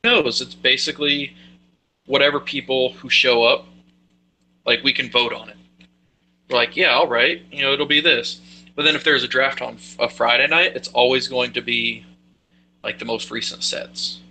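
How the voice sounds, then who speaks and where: Bright-voiced, laid-back male co-host. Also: mid-range voice, fairly even intonation, normal speed, long pauses, slight background noise. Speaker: podcast co-host. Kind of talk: casual chat about card games.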